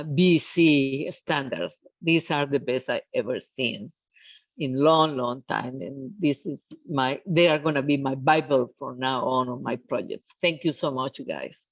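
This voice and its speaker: A woman with another on a video call, speaking haltingly with many fillers about a leadership course. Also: low-pitched, no room sound. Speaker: program participant. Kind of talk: casual testimonial on a video call. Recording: dry, dull video call audio.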